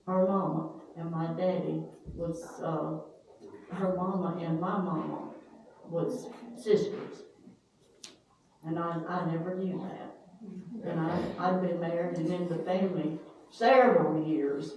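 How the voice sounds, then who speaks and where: An older woman in casual family storytelling, slow and folksy, pausing to search for names. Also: fairly low pitch, fairly even intonation, darkish tone. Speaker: family elder telling stories. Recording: echoey room, distant mic, faint hiss.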